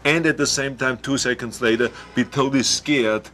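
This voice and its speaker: A man giving a documentary interview in a halting way, with frequent restarts and fillers. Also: medium pitch, steady tone, bright, forceful tone, slight background noise.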